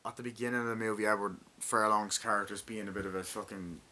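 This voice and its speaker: A man's voice: lowish voice, fairly even intonation, fast talker, pushed and bright. A young man in his twenties giving a rambling, profanity-heavy casual movie review and acting out lines from the film. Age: 20s.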